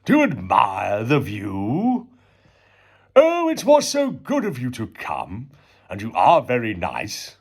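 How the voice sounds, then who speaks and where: A man's voice: wildly swooping pitch, takes it slowly, slightly rough, exaggerated voice. A man putting on a coaxing, theatrical old walrus. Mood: sly. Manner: coaxing and theatrical, lifting to a higher voice. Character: smooth-talking, sentimental old male walrus.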